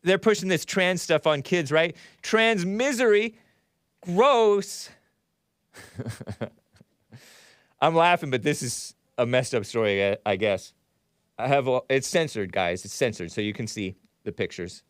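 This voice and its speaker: A man's voice: medium pitch, expressive, unhurried, long pauses, clean tone, no room sound, clean studio sound. A male show host giving rambling, sarcastic commentary, chuckling between remarks as he reads from a chat.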